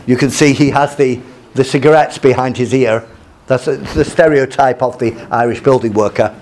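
A man's voice: mid-range voice, steady tone, moderate pace, darkish tone, a little hiss or hum. Hesitant male lecturer with many fillers. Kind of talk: lecture with slides.

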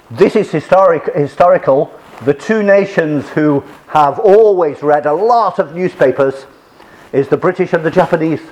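A man's voice: fairly high pitch, a little mellow, low-quality recording. A man giving a classroom lecture with slides, chatty, often repeating and restarting his phrases.

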